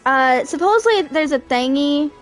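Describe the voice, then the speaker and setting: A woman's voice: high-pitched, expressive, normal speed, soft background music. A woman playing a video game and chatting casually, thinking aloud with lots of fillers. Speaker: game streamer. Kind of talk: casual gameplay commentary.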